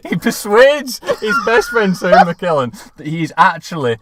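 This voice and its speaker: Animated man laughing through a pitch. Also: moderate pace, slight background noise. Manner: animated, laughs often while talking. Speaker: podcast co-host pitching a film idea. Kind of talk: comic storytelling.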